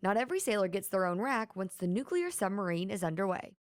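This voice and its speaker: A woman reporter narrating a televised news feature. Her delivery is measured and clear, at an ordinary middle pitch, read from a script. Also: sing-song, slight background noise.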